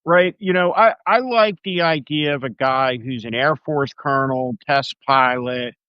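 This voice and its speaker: A man's voice: mid-range voice, unhurried, smooth, no echo, muffled recording. A man in casual political talk, emphatic and rambling, with many fillers and restarts. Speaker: political commentator.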